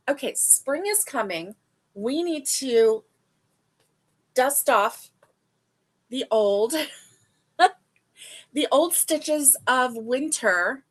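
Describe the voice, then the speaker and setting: A woman hosting a casual crochet livestream, reading stitch descriptions aloud and reacting with delight. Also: on the high side.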